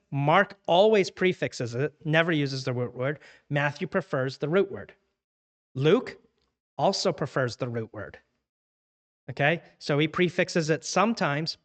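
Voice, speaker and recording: A man's voice: fairly high pitch, animated, measured pace. A man teaching a church Bible class in a casual, conversational way, acting out everyday dialogue to make his points.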